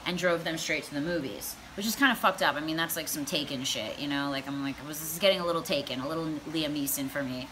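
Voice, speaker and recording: Young woman vlogger, cussing a lot, bright punchy voice, storytime rant. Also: deep voice, quick pace, few pauses, slight background noise. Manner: profane, brash, animated, laughing. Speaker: comedy vlogger. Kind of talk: comedic storytime vlog.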